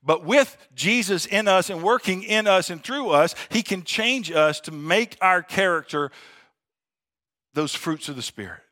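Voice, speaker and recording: Male pastor delivering a conversational sermon; higher-pitched, bright, addresses the congregation as friends. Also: lively intonation, measured pace. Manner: conversational, calls for amens and addresses listeners as friends.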